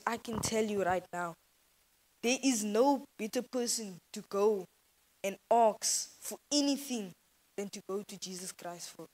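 A woman's voice: on the high side, rough recording. Earnest woman preaching. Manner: earnest, conversational, hesitant. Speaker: youth speaker at church. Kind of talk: informal sermon. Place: church.

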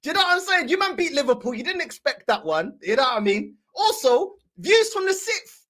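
A woman's voice: high-pitched, very animated, brisk, fairly bright tone. A woman hosting a football reaction channel, giving casual commentary with teasing, slangy banter and frequent laughs.

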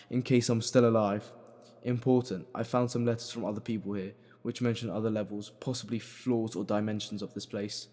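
A man's voice: on the low side, warm tone. Jumpy man playing a horror game. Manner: reads notes aloud, jumpy and swearing when scared. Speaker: gameplay commentator. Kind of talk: horror game let's play commentary.

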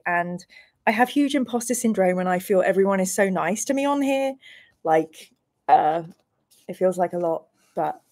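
Bubbly woman streaming a gamebook. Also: mid-range voice. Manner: bubbly, self-deprecating, bursts of excited squeals. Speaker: streamer hosting a gamebook playthrough. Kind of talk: live-stream chat and gamebook reading.

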